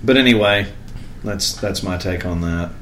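A man's voice: sits low, moderate pace, fairly bright tone. Profane, blunt man ranting in an echoey room. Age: older. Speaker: podcast co-host. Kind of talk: casual chat. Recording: echoey room with faint noise.

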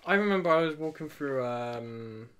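A man's voice: on the high side, lively intonation, normal speed, a bit bright, clean tone. A young man, trading crude mocking banter in casual chat.

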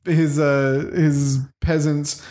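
A man's voice: on the high side, flat delivery, very slow, warm tone. A man in casual chat, rambling and acting out scenes from a show he loves. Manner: rambling, acts out scenes in quoted voices.

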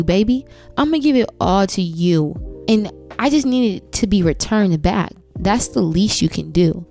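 Sassy young woman with lively pitch. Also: normal speed, faint music behind. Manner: sassy, emphatic, repeats "baby" and "like". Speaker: podcast host. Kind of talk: candid solo podcast talk.

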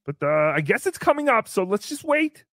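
A man hosts a comedy podcast, mocking his target in a sarcastic, taunting tone. His pitch bounces around, and the recording is dry and close with no room sound. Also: big pitch swings, normal speed, fairly bright tone, no room sound. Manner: sarcastic, taunting, jumps into sing-song mockery. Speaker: podcast host.

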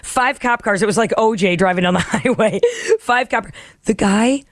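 Animated woman telling stories, dry sound. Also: mid-range voice, moderate pace, dry recording. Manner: animated storyteller, acts out quotes, laughs often. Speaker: podcast co-host. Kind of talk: casual chat.

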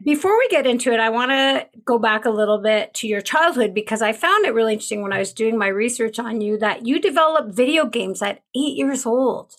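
A woman's voice: fairly high pitch, animated, a little fast, hardly any pauses, a bit bright. Upbeat woman podcast host. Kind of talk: scripted intro then casual interview chat.

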